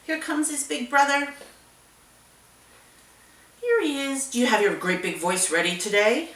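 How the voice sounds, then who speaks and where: Woman children's librarian for storytime: bright, unhurried, sing-song, a bit off-mic in an echoey room. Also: sits high, recorded from a distance. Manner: animated, sing-song, talking to young children. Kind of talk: storytime with songs and reading aloud.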